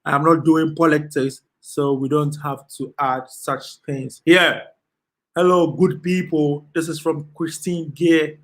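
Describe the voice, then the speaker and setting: A man with a Ghanaian accent hosting a casual live stream, reading viewer comments aloud and laughing often. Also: fairly high pitch. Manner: slow, relaxed, laughs often, slips into Ghanaian Pidgin.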